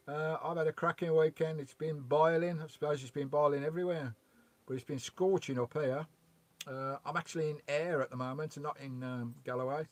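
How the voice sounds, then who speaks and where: By a loch, next to his van on the lakeside, a man runs a relaxed vanlife livestream, chatting on, greeting viewers by name, and reading out their comments. Using a remote microphone, he sounds steady and conversational, with a mid-range voice and a brisk pace.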